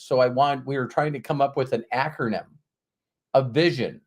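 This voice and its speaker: Animated storytelling man hosting a podcast. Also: mid-range voice, moderate pace. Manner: animated storyteller who acts out quoted voices and swears casually. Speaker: podcast host. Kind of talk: casual conversational storytelling.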